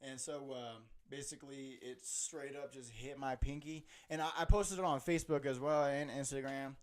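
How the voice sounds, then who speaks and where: A young man hosting a podcast, telling an animated story with lots of laughing and "bro". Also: medium pitch, normal speed. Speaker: podcast host. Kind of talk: casual storytelling chat.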